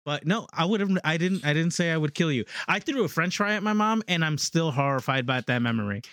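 Speaking fairly quickly in a slightly high voice, a thirtysomething man spins lively stories during a relaxed conversation, leaning heavily on "like" and "literally." There's no echo on the recording.

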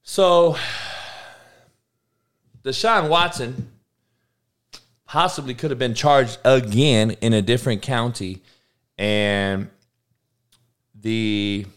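A man's voice: fairly low pitch, takes it slowly, long pauses. Profane slangy podcast host man. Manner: profane, slangy, talks back to chat. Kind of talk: casual live-stream chat.

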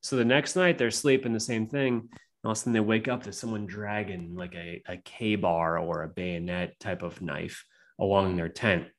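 A man's voice: lowish voice, fairly even intonation, moderate pace. A man telling spooky stories as a podcast guest, in a casual, rambling way full of fillers and swearing. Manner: profane, rambling, filler-heavy. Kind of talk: casual storytelling chat.

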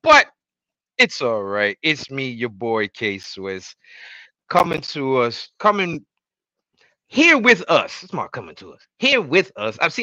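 A man hosting a casual podcast, opening with hype wrestling-style introductions and swinging between loud outbursts and quiet asides. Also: a little high, no echo, dull audio. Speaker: podcast host.

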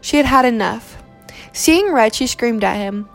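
Woman narrating with gravelly voice. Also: fairly high pitch, faint music behind. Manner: steady, measured narration. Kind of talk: audiobook reading of a romance novel.

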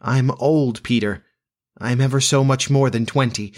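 A gentle grown-up mother, guilty and quiet, voiced by a man reading the storybook. She speaks softly and falters, apologetic in each line, in an ordinary middle-pitched voice. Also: steady tone, unhurried, close to an everyday voice.

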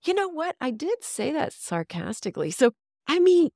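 A woman talking casually as a podcast guest, animated and candid, laughing often and swearing now and then. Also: sits high, normal speed, dry recording, clean studio sound.

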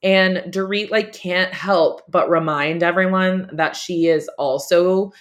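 A woman's voice: lowish voice, takes it slowly. A woman hosting a podcast, chatting casually and animatedly about reality TV gossip, laughing often. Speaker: podcast host. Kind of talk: casual chat.

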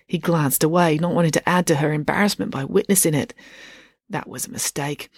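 A woman narrating a storybook with a lively, expressive reading. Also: low voice, a little fast, dry recording, clean studio sound. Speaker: audiobook narrator.

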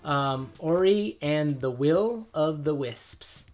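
A man's voice: a little high, lively intonation, slow, a little mellow. A man hosting a casual gaming podcast, rambling with many fillers and restarts. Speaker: podcast host.

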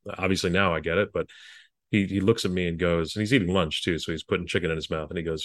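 Male guest, low-pitched, earnest and halting, recounting memories in a dry, close recording. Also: steady tone, no echo. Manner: earnest, halting with frequent restarts. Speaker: former presidential speechwriter. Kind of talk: reflective interview storytelling.

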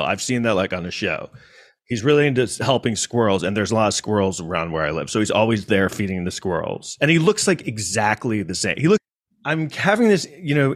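A man telling a casual anecdote in a rambling way, often cutting himself off and restarting. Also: medium pitch. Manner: rambling, self-interrupting, animated. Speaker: storyteller.

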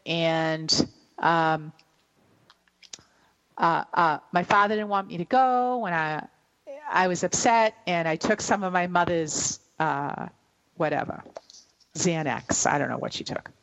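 A woman's voice: lowish voice, slow pace, long pauses, a bit bright, lo-fi sound. A middle-aged woman telling a long story on a radio show, rambling and emotional, with many fillers and restarts.

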